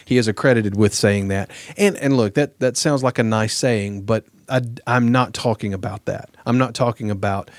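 A man's voice: on the low side, moderate pace, few pauses, no room sound, studio quality. A man talking earnestly as a guest host on a casual podcast, with many fillers.

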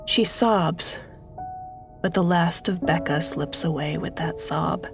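A woman narrating a first-person story in a hushed, breathy, grieving voice that often drops to a whisper. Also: sits low, takes it slowly, music in the background.

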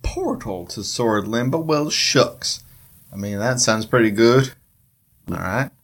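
Animated man joking through a tabletop game. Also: medium pitch, slow pace. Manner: jokey, fishing for laughs. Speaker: player. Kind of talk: comedic tabletop role-play.

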